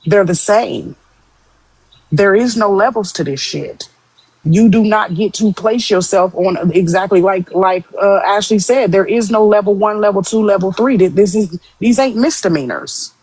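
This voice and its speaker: A woman hosting an online talk stream, laying out a long argument in a steady, emphatic way. Her voice sits at an ordinary middle pitch, and she presses each point home. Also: moderate pace, slightly rough, no room sound, rough recording. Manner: firm, emphatic, explains at length. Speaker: host. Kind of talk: live-stream discussion.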